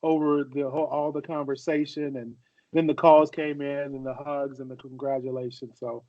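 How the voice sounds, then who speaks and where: A man's voice: medium pitch, level tone, normal speed, no echo. A man in his forties telling stories in casual podcast chat, often repeating and restarting phrases. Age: 40s. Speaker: podcast co-host, former football player. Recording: dull, dry lo-fi audio.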